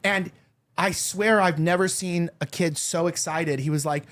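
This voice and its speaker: High-voiced rambling talk-show man. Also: unhurried, a bit bright. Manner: rambling, many "like" fillers and restarts; candid, confiding tone. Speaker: show host. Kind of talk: casual chat.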